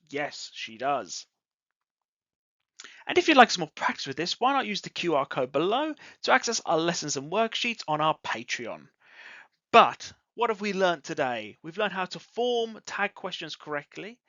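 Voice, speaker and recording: An English teacher explains a lesson in a bright, lively voice that swoops up and down to show intonation. The delivery is clear and encouraging. It is a dry, slightly dull, lo-fi recording with no room sound. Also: medium pitch, no room sound. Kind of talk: online language lesson.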